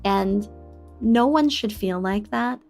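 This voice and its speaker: A young woman streamer telling a personal story to her chat in a candid, confiding way. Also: takes it slowly. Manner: candid and confiding, bursts into high excited squeals at chat. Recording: faint music behind.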